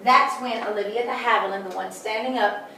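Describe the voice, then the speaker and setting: Brisk and sharp-toned, this woman speaks in a steady, medium-pitched voice as she guides visitors through a large historic house, mixing folksy stories with jokes in a chatty way. The audio is echoey and distant, with slight background noise.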